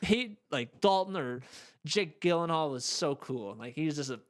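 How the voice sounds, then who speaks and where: A man's voice: on the high side, expressive, normal speed. A man co-hosting a podcast in casual chat, loosely trailing off mid-sentence. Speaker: podcast co-host.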